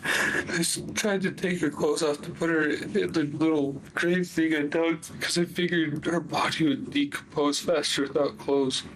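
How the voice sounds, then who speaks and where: A man confessing in a police interview, talking in a halting, rambling way full of fillers. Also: fairly high pitch, steady tone, fairly bright tone, slight background noise, rough recording. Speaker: suspect confessing.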